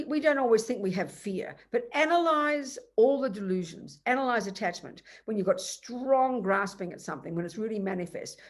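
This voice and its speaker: Animated older woman giving a dharma talk. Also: fairly high pitch. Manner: animated storytelling with emphatic asides. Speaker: Buddhist teacher. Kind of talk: dharma talk to a retreat audience.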